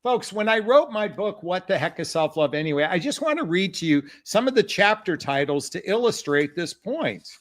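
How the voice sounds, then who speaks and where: A man's voice: high voice, sing-song, normal speed, few pauses. A middle-aged man giving dating advice straight to camera, impassioned and emphatic, often calling his viewers "folks". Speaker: dating coach. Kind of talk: direct-to-camera advice talk.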